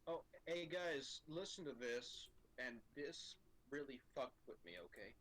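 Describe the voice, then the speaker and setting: An American man chatting casually while gaming with friends, animated and goofy. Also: on the high side, a little slow, poor audio. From United States. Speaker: co-player.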